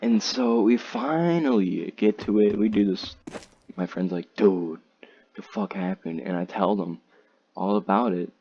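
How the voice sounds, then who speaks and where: A man's voice: on the low side, a little slow, dark tone, slightly rough, muffled recording. A teenage boy casually telling a rambling, slangy story, acting out what others said in raised voices.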